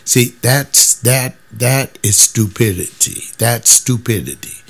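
Older man, gravelly voice, emphatic preachy monologue, former soldier. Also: medium pitch, takes it slowly. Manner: preachy, emphatic, mimics other people's voices. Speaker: former soldier sharing views. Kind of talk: casual monologue.

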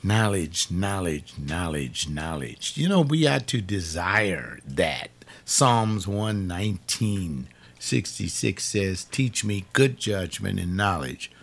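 A man's voice: fairly low pitch, very animated, slow pace, creaky. An older man giving an informal sermon-style talk, repeating words for emphasis. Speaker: preacher.

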